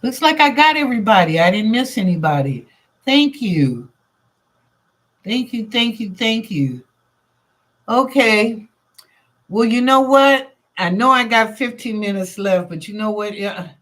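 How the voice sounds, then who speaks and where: Chatty, lively woman giving psychic readings. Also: fairly high pitch, a little slow. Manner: chatty and lively, with street slang; reads viewer questions aloud. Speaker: psychic reader and show host. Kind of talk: live-streamed psychic readings, casual chat.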